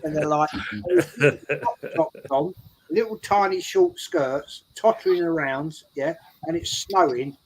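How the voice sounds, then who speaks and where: A man's voice: on the high side, expressive, takes it slowly. A man telling a rambling story in casual chat, repeating his words as he goes. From England. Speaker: show regular. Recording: faint background noise.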